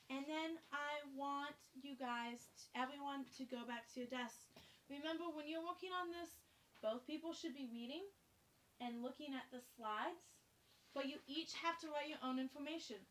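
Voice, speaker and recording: A woman's voice: high-pitched, fairly bright tone, slight background noise. A young adult woman teaching a class, explaining things step by step in a friendly, chatty way. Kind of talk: classroom instruction.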